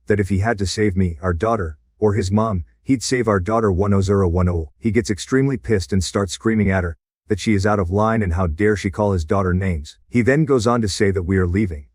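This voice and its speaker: A man narrating a reddit story as a scripted read, with a steady, even delivery. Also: fairly low pitch, fairly quick, husky, dry recording, studio quality.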